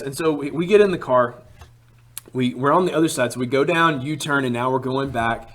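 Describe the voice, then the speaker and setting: A man casually telling a personal story, animated and full of "like" fillers. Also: medium pitch, fairly quick.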